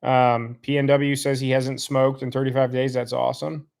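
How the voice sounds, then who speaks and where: A man's voice: mid-range voice, flat delivery, moderate pace, creaky, a little mellow. Guy reading chat on a live stream, rambling and heated, repeating insults.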